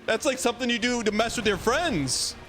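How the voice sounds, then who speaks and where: A man in his thirties hosting a livestream, talking in a rambling, animated, mock-defensive way. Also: very high-pitched, brisk, soft background music. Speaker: livestream host. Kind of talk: casual chat.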